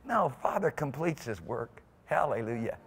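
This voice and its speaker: A male pastor preaching a sermon in a church, swinging from quiet asides to whoops and shouts. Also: medium pitch, big pitch swings, normal speed. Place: church sanctuary. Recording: long hall reverb in a church.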